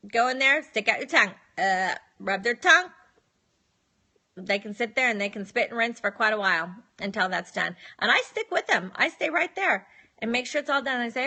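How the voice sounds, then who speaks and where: A middle-aged woman talks casually to her live-stream viewers about disciplining children. Her voice is bright and sits a little high. She sounds firm and matter-of-fact, and she acts out the words she says to her kids. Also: lively intonation, normal speed. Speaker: parenting advice host.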